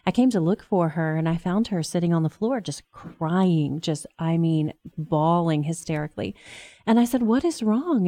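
Earnest woman host with a dark, mellow voice. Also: lowish voice, dry recording. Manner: earnest, emotional storyteller. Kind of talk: casual chat, storytelling.

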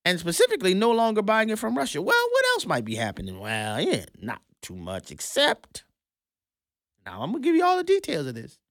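A man hosting an opinionated commentary show, emphatic and sarcastic, swinging between loud and hushed. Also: high-pitched, wildly swooping pitch, racing, few pauses, dry recording, clean studio sound.

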